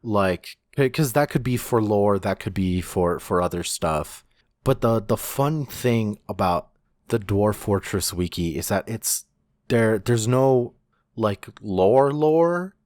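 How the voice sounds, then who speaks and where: Podcast guy, lowish voice, slow, rambly w/ swearing, super dry mic. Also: expressive, darkish tone, dry recording. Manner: rambling, swears casually, many restarts. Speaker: podcast co-host. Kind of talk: casual podcast chat.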